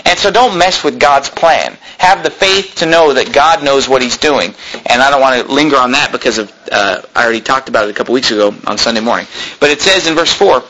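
A male pastor preaching an intense sermon, building to shouted quotes and stumbling over quick restarts. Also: mid-range voice, slight background noise, poor audio. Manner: intense preaching, rising to shouts when quoting, with stammered restarts. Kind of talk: fervent sermon.

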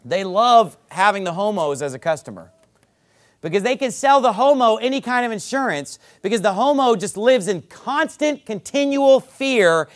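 A man with a high-pitched voice preaches a sermon in a church service. He drives his points home with loud, emphatic stresses on key words and drops into quick asides to the congregation. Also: expressive. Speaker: pastor.

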